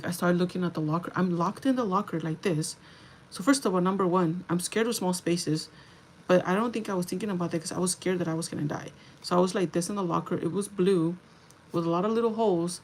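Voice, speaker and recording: A woman's voice: on the low side, a little mellow, a little hiss or hum, low-quality recording. A woman livestreaming, chatting casually and retelling a dream, with lots of filler words.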